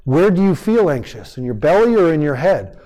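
A man's voice: on the high side, fairly quick, poor audio. A man giving a live parenting workshop to an audience, acting out how parents talk to children and asking the room for answers. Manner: animated, acts out parent-child exchanges.

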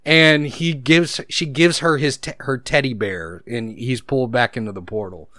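A man's voice: mid-range voice, normal speed, bright, forceful tone, dry recording, clean studio sound. A man co-hosting a podcast, talking casually and with nostalgic enthusiasm about his favorite childhood movies. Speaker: podcast co-host. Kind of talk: casual chat. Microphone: own podcast microphone.

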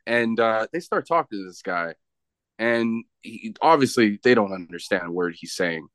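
A man's voice: on the low side, lively intonation, moderate pace, fairly bright tone, dry recording. A man from Canada, a wrestler being interviewed, telling a story in a rambling, casual way with many restarts. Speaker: professional wrestler, guest.

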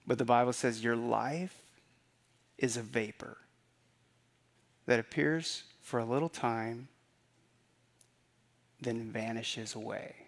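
A man's voice: medium pitch, steady tone, slow, gravelly, long pauses. A man preaching a sermon in a conversational way, often repeating phrases and asking rhetorical questions. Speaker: pastor.

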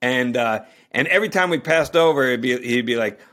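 A man's voice: medium pitch, fairly quick, a bit bright. Chatty man telling a story. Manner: chatty, many restarts and fillers. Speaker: guest. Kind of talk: casual storytelling.

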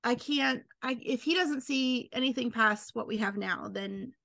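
A woman author telling stories in a casual chat, animated and acting out quoted lines. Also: unhurried, vocal fry, dry recording. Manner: animated, acts out quotes with big pitch jumps. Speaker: author guest.

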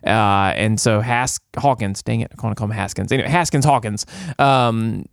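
A man co-hosting a podcast, recapping a movie in a rambling, animated way and acting out characters' lines. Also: lowish voice, moderate pace, vocal fry, dry recording, studio quality. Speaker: podcast co-host. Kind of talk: casual chat recapping a movie.

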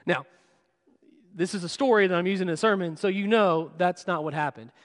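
Pastor, man, 30s; high voice, chatty self-deprecating storyteller; reverberant sanctuary. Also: a little fast. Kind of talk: sermon. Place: church sanctuary. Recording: long church hall reverb.

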